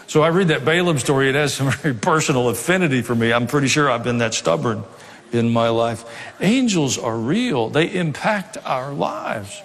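A middle-aged pastor preaching a sermon, conversational, with asides and dry humor. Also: male voice, mid-range voice, a bit bright. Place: church sanctuary. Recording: long reverb of a hall.

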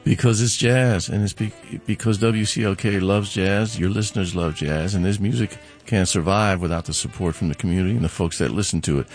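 A man's voice: sits low, fairly quick, hardly any pauses, darkish tone, faint music behind. A middle-aged man, a musician guest on a radio show, explaining in an easygoing way with frequent restarts. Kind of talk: relaxed interview talk. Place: radio studio.

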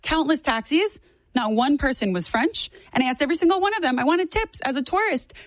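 A woman in her twenties, a guest on a talk show, talking fast and animatedly with strong opinions. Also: high-pitched, lively intonation, no echo. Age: 20s. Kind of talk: casual political chat.

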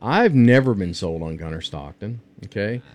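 A man co-hosting a casual sports debate, measured and peppering points with "okay?". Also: fairly low pitch, lively intonation, a little mellow. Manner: measured, adds tags like "okay?". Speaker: sports talk co-host.

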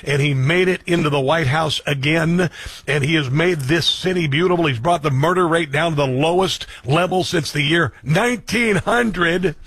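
A man's voice: a little high, moderate pace, fairly bright tone, breathy edge, no room sound. A man hosting a political commentary show, sarcastic and mocking, reacting to clips. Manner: sarcastic, mocking asides, repeats clip lines back.

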